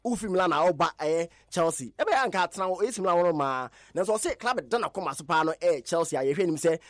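A man with a Ghanaian accent reads a radio sports roundup in a high, bright-topped voice. His delivery is animated and emphatic, hammering points with repetition. The sound is close and dry, with no room around it. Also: fast, no room sound.

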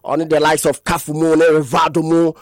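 A man rattles through a radio sports news roundup at a fast clip. His voice sits high, and his delivery slides now and then into a sing-song lilt. The studio sound is dry and close. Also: level tone, no room sound, soft background music.

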